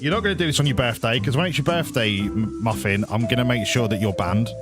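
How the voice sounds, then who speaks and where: A man's voice: mid-range voice, fast talker, music in the background. Joking male streamer chatting with viewers. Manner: joking, teasing. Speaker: live streamer. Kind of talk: casual stream chat with viewers.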